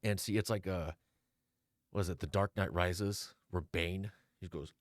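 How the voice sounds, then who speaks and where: A man with a low voice gives casual reaction commentary. He reads messages aloud in a mocking, exasperated way, recorded dry and close with no room sound. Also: steady tone, unhurried, no echo.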